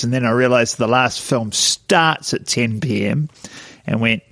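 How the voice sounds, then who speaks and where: A man's voice: mid-range voice, lively intonation, normal speed, a bit bright, dry recording, studio quality. A man co-hosting a podcast, rambling and laughing, a bit tipsy and hiccuping. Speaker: podcast co-host. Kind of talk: casual chat.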